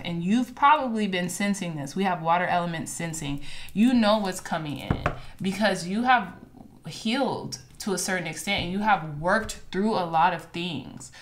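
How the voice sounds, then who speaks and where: A woman giving a casual, encouraging tarot reading to her viewers, reading card affirmations aloud with chatty asides. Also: on the low side. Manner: chatty with fillers and asides like "child" and "okay". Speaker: tarot reader.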